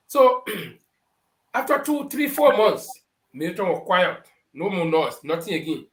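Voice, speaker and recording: A man's voice: high-pitched, big pitch swings, a little slow, fairly bright tone, echoey room, low-quality recording. A middle-aged Liberian man on a talk show, telling political anecdotes and acting out the people he quotes. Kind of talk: storytelling political commentary.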